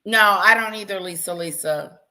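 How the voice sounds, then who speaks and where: A woman hosting a casual live stream, talking loudly and chatting with her viewers by name. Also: fairly low pitch, normal speed, rough recording. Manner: loud, talks to chat viewers by name.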